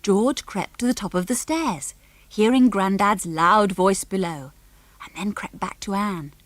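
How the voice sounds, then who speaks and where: Woman reader for a children's audiobook, measured and clear, mid pitch, dry studio. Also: dry recording. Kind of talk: scripted narration.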